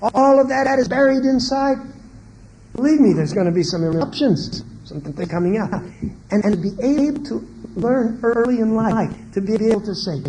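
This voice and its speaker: A high-pitched man speaks at normal speed against a noisy background, delivering a marriage seminar. With lots of animation, he keeps asking the crowd questions and impersonates both parents and their children.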